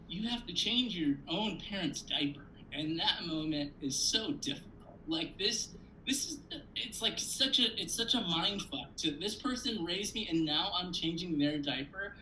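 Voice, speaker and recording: A man telling comic family stories on a conference panel, animated and profane, jumping to loud high outbursts when he acts out scenes. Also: unhurried, slight background noise, low-quality recording. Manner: profane, conversational, frequent "like". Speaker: comedian panelist.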